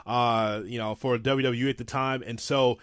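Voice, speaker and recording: A man's voice: mid-range voice, normal speed, dry recording. Rambling self-styled old-school wrestling fan man. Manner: rambling, self-deprecating, animated. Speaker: podcast co-host. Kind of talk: casual wrestling chat.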